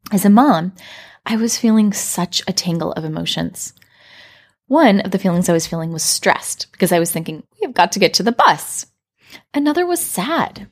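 A woman hosting a parenting podcast, telling a story and explaining in a calm, reflective scripted way. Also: fairly high pitch. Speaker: podcast host.

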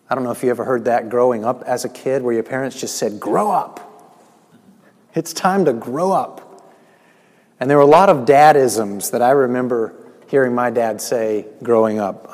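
An earnest man preaches a sermon, stretching out key phrases and then speeding up. His voice sits at a middling pitch and rings with the long reverb of a large hall. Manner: earnest, varies pace and loudness for emphasis. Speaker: pastor.

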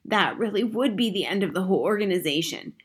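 A woman's voice: medium pitch, lively intonation, quick pace, husky. A woman voicing a feisty, bossy old grandmother who talks in a commanding, emphatic way in a storybook reading.

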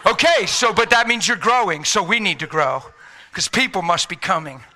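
A man delivers a storytelling sermon in a church room, his voice high and piercingly bright. He swings widely in pitch, acting out the voices in his stories and sometimes sinking to a hush. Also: normal speed. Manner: animated, acts out dialogue, drops to near-whisper. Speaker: preacher.

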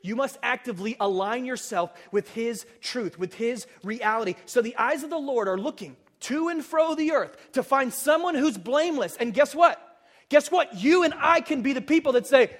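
A male pastor preaching a sermon, animated, with many rhetorical questions and sudden swings from loud bursts to hushed asides. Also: extremely high pitch, normal speed.

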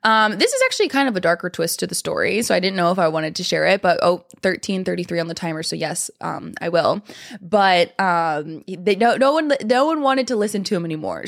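A woman's voice: lowish voice, lively intonation, fairly quick, gravelly. A young woman hosting a casual monologue, talking in a chatty, rambling way with lots of fillers. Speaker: podcast host.

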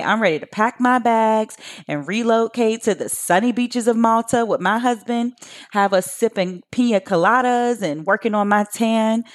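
A woman in her thirties hosting a solo podcast, talking to her listeners in a chatty, emphatic way. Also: mid-range voice. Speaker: podcast host.

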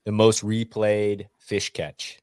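Very deep-voiced man, dry close sound. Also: completely flat delivery, slow, darkish tone, clean tone, no echo. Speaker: podcast co-host. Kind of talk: casual chat.

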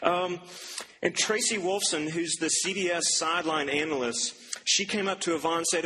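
Bright-voiced young preacher in a hall. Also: male voice, a little high, fairly even intonation, normal speed, slightly rough. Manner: conversational storytelling with laughs and asides. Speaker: campus preacher. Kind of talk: sermon. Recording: long hall reverb, faint ambience.

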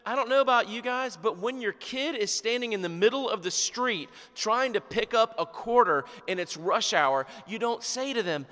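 A man pastor preaching a sermon, animated and sarcastic, acting out quotes as he goes. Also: very high voice, normal speed, hardly any pauses, long reverb tail.

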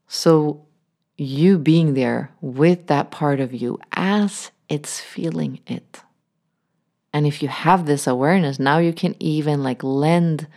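A woman hosting a solo podcast as an emotional healing coach, speaking gently and soothingly, sometimes sinking into soft near-whispers. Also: low voice. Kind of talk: reflective solo podcast monologue.

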